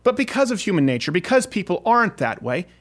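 A man's voice: high-pitched, very animated, quick pace, fairly bright tone. A man hosting a casual political talk show, talking in a sarcastic, rambling way with frequent restarts. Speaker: podcast host.

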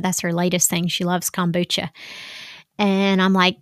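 A woman's voice: lowish voice, little pitch movement, moderate pace, fairly bright tone, dry recording, clean studio sound. A woman in her thirties, a mother giving advice in a casual, chatty monologue, acting out quoted dialogue. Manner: chatty, acts out quoted dialogue, many "like" fillers.

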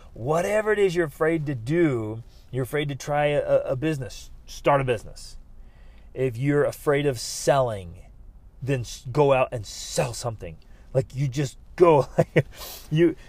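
A man's voice: mid-range voice, dry recording. Earnest man telling a podcast story. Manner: earnest, animated storytelling with many restarts. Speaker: podcast host. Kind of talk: motivational podcast monologue.

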